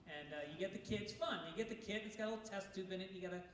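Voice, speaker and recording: A middle-aged man doing a live stand-up set at a comedy club. He has a punchy, brash delivery with bursts of shouting. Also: high voice, very fast. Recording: very echoey room, distant mic, noisy.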